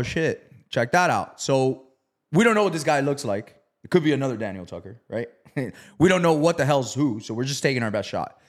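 A man casually telling a story, swearing freely and acting out the people he quotes. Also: medium pitch. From South Florida. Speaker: real estate investor.

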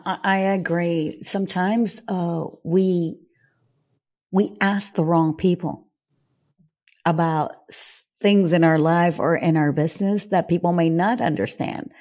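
A woman hosts an interview with a lowish voice. She asks questions and backs her guest with short, supportive agreements. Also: steady tone, a little slow, a little mellow. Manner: supportive, brief backchannels. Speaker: interviewer, program host.

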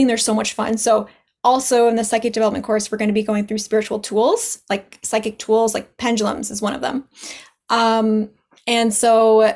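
A chatty woman talks as a podcast guest. Her voice sits a bit high, and she acts out quoted dialogue as she goes, laughing often. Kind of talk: casual podcast chat.

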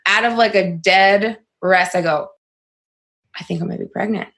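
A young adult woman telling a personal story on a podcast in a casual, animated way, saying "like" a lot and swearing freely. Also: medium pitch, moderate pace, creaky. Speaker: podcast guest.

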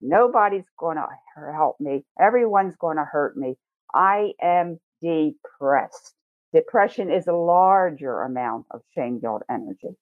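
Woman, slightly low voice, animated teaching manner, tinny phone-quality audio. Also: moderate pace, hardly any pauses, no room sound. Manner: animated, acts out feelings in first person. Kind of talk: conversational teaching. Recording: tinny phone-like line, dry.

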